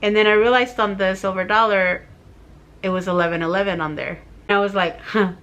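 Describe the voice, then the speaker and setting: A woman's voice: mid-range voice, fairly even intonation, a little fast, a bit bright. A middle-aged woman vlogger telling a heartfelt personal story to her viewers, tearful and rambling with fillers.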